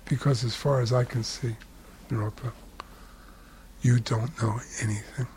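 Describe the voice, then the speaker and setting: A man's voice: mid-range voice, steady tone, unhurried, a little mellow, slight background noise, close to an everyday voice. A man voicing a stern old hag. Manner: questioning, scolding.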